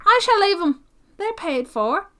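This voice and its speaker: A cheeky, quick-tempered errand boy from an old storybook, as a woman reader puts him on. His voice is high and cocky, and it jumps around a lot in pitch. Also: big pitch swings, bright, forceful tone, heavily acted.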